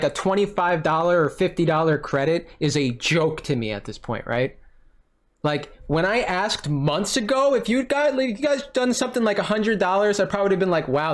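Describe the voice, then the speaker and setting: Man, frustrated customer, ranting, repetitive, swearing, phone complaint. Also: high-pitched. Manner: exasperated, ranting, repeats himself, swears. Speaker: frustrated customer on a support call. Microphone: recording his own side of a phone call.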